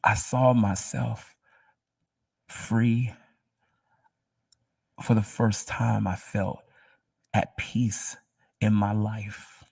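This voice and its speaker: A man with a low, gravelly, husky voice tells his faith testimony in a halting, emotional way. He often sinks to a near whisper and keeps a flat, even tone. The sound is dry and picked up from some distance away from the mic. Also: dry recording.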